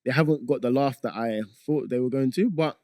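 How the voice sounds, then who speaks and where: A young man talking as a guest on a podcast, relaxed and rambling, with frequent fillers. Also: mid-range voice, fairly quick, dry recording. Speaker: guest, content creator. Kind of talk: casual podcast chat.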